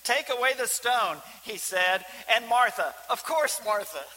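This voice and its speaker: A man preaching a sermon as pastor, swinging from loud emphasis to hushed, near-whispered lines. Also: high-pitched, moderate pace. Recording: reverberant hall with faint hiss.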